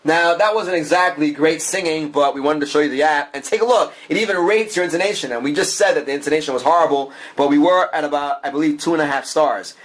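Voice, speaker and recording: A man's voice: on the high side, quick pace, hardly any pauses. A man doing a chatty, enthusiastic walkthrough of a music app, with fillers and frequent asides to the viewer. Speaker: app reviewer.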